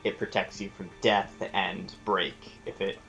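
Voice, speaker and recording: A man's voice: low-pitched, little pitch movement, unhurried, vocal fry, fairly bright tone, highs cut off, soft background music. A man hosting a gameplay video, chatting casually and explaining the game's mechanics as he thinks aloud. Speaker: let's play host.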